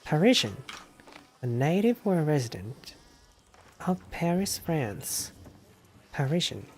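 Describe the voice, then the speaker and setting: A man, a Japanese native speaker, streaming a game and slowly reading English lines aloud, repeating words and looking them up. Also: a little high, very animated, slight background noise.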